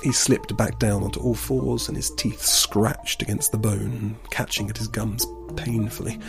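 A man reading a story aloud in a calm, steady storybook narration. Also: lowish voice, a little slow, vocal fry, over music.

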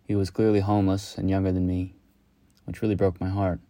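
Deep gravelly guy telling a story slow and reflective, dry close sound. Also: level tone, warm tone, no room sound. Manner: slow, measured, lyrical. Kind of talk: reflective spoken-word storytelling.

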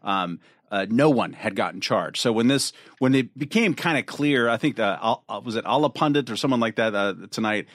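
A man co-hosting a podcast in casual panel discussion, halting with frequent fillers. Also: medium pitch, lively intonation, fairly bright tone, no echo, studio quality. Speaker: podcast co-host.

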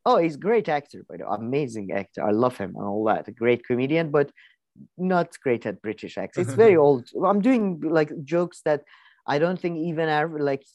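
Animated, sardonic woman podcast host. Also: deep voice, fairly quick, no echo, muffled recording. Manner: animated, sardonic, many fillers and restarts. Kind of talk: casual political chat.

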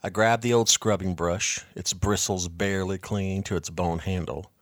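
A man with a lowish voice narrates a first-person story, calm, measured and introspective. The recording is close and dry, with no room sound. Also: creaky, dry recording. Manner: measured, quiet, reflective.

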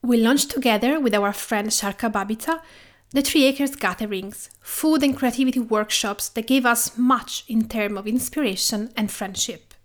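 A woman from Tuscany with an Italian accent, hosting a podcast interview in a warm, gently enthusiastic way. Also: on the high side, moderate pace. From Italy, Tuscany. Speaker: podcast host.

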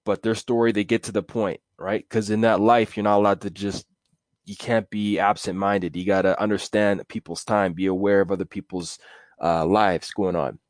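A man's voice: fairly low pitch, little pitch movement, moderate pace, dry recording, clean studio sound. A man hosting a casual solo podcast, rambling and correcting himself as he talks. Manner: rambling, self-correcting, with chuckles. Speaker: podcast host.

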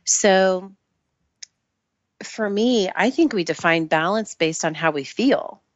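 Brief: woman guest, very low voice, thoughtful and measured, lo-fi dry remote sound. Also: no room sound. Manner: thoughtful, measured, restarts phrases. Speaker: Ayurvedic practitioner guest. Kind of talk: casual interview chat.

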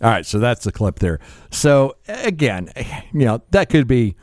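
A man co-hosting a casual podcast, talking in a deadpan, sardonic way and chuckling at his own jokes. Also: mid-range voice, a little slow, heavy background noise. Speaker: podcast co-host. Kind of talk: casual chat.

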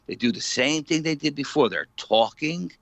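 Forceful man telling a spooky story. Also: fairly high pitch, lively intonation, moderate pace, no echo, poor audio. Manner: vivid storyteller, many fillers, acts out quotes. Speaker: paranormal investigator, guest. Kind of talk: animated storytelling in an interview.

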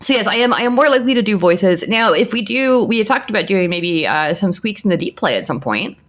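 A woman from the American South chatting casually as a podcast co-host, strident and loud, with many restarts. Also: medium pitch, brisk. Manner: animated, many restarts and repeated words. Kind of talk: casual chat.

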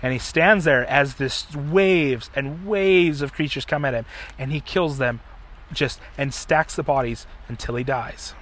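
A middle-aged man hosting a podcast, casually retelling a story in an animated way and acting out the quotes. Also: mid-range voice, unhurried, a little hiss or hum. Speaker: podcast host.

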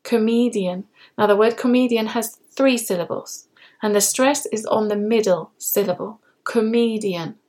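A British woman hosting a podcast English lesson, speaking slowly and clearly and repeating example words. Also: mid-range voice, darkish tone. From Britain. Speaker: English teacher and podcast host.

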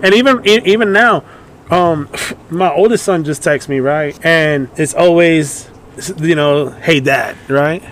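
A man in his forties chatting casually with friends, an animated storyteller who acts out quotes in a raised voice and laughs often. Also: fairly high pitch, unhurried. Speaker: podcast co-host. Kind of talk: casual chat among friends.

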